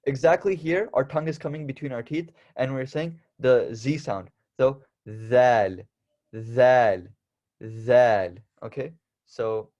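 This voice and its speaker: A man's voice: mid-range voice, a little mellow, dull audio. Man patiently teaching letter sounds. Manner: patient, repeats and stresses each letter sound. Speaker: Arabic alphabet teacher. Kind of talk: casual instructional lesson.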